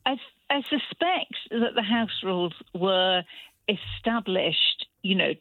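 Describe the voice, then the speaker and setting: A woman's voice: mid-range voice, lively intonation, takes it slowly, no echo. A middle-aged woman calling into a radio show, talking thoughtfully and a little hesitantly about her grown children. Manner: reflective, hesitant with fillers. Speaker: caller. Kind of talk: phone-in chat. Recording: tinny phone line.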